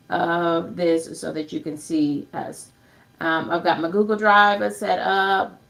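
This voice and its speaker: A woman with a fairly low, creaky voice hosts a casual tutorial livestream. Chatty and upbeat, she talks to viewers like friends and refers to herself by name in the third person.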